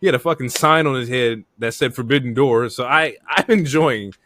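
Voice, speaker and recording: A man co-hosting a casual wrestling review podcast, recapping in a relaxed, steady way. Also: mid-range voice, moderate pace. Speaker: podcast co-host.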